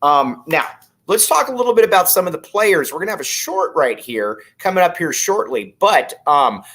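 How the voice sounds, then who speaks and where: Upbeat sports host guy, gets real excited, voice on the higher side. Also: moderate pace. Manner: enthusiastic, animated, jumps in pitch when excited. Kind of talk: excited sports talk with ad reads.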